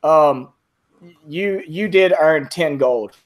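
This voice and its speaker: High-voiced man running a tabletop game. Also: takes it slowly. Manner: rambling, many fillers and restarts. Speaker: game master.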